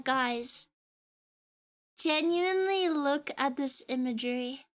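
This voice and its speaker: A young woman VTuber streams a casual reaction rant over playing pop music, sarcastically tearing into songs she dislikes, swearing and mockingly humming along. Her voice is high-pitched and fairly bright, at a moderate pace.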